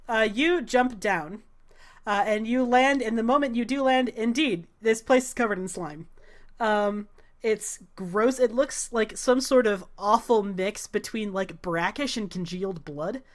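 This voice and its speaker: A woman narrating a tabletop game as game master, relaxed, with many filler sounds. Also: a little high.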